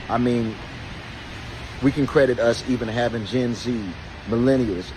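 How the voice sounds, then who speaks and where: A man recording an emotional video message, shaken and halting, repeating himself and close to tears. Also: fairly low pitch, background noise. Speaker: social media creator.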